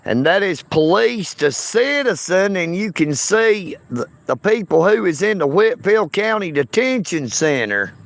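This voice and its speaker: A man's voice: sits high, very animated, a little slow, creaky. A man with a Southern US accent livestreaming from inside a car, greeting his chat viewers by name in an easygoing drawl. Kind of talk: casual live stream chat.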